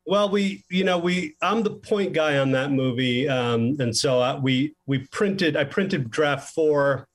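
Lively, fairly high-voiced male director. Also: a little slow, hardly any pauses. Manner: animated storyteller who acts out quoted lines. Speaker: film director, guest. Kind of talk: casual interview chat.

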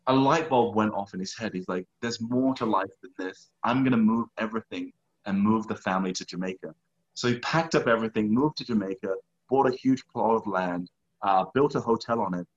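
A man in conversation telling a long story with lively acted-out quotes. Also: medium pitch, lo-fi sound. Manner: animated, acts out quoted dialogue. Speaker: guest, skier.

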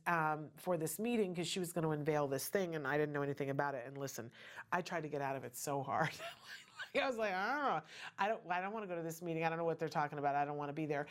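A middle-aged woman hosting a show, talking in a chatty, earnest way with many asides. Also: deep voice. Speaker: podcast host. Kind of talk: casual personal talk show monologue.

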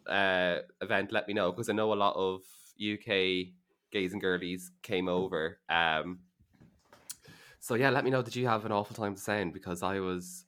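A man's voice: on the low side, a bit bright. A man, co-hosting a podcast in casual chat, sounding under the weather and swearing freely. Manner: chatty, swearing, self-mocking. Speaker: podcast co-host.

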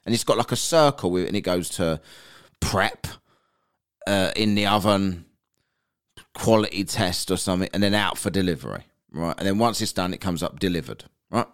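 A man's voice: sits low, moderate pace. A man, a podcast host telling crude comic stories from daily life. He swears a lot and keeps checking in with "right?". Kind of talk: comic anecdote storytelling.

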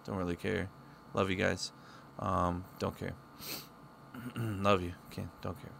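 A man's voice: sits low, steady tone, slow pace, creaky, background noise. A man co-hosting a casual podcast over a call, teasing his co-host and swearing freely. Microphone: headphones on a call.

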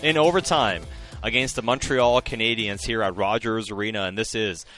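A man's voice: fairly low pitch, normal speed, fairly bright tone, faint music behind. A male radio host chatting loosely about a hockey game, laughing and restarting sentences as he reads out listener texts. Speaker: radio postgame show host. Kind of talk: casual sports radio chat.

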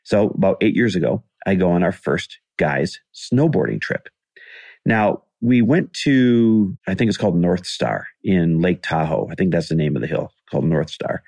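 A man's voice: low voice, a little mellow, no echo, studio quality. A man in his forties telling a personal story in a candid, conversational way as a podcast host, acting out what people said. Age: 40s. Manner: candid, conversational, acts out quoted dialogue.

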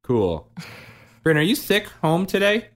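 Rambling man with a lively voice. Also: sits high, unhurried. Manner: rambling, self-deprecating, lots of fillers and restarts. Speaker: podcast co-host and father. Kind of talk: casual family chat.

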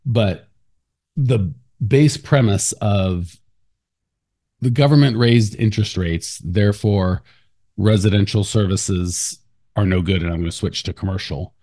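Male podcast host, low register, casual advice-giving chat with fillers and laughs. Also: a little slow, pauses often, dark tone. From United States. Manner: loose, talky, laughs often, lots of fillers.

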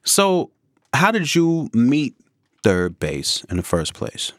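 A man's voice: medium pitch, huge pitch swings, slow pace, no room sound, studio quality. A man hosting a podcast in casual, playful chat, asking loose questions. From United States. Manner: laid-back, playful, rhymes his intro. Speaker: podcast host.

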